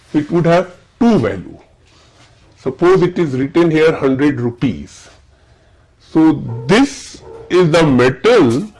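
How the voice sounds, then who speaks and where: Lecturing a class with an Indian accent, this man has a fairly high, slightly mellow voice, captured on poor audio. He repeatedly checks whether the students are keeping up.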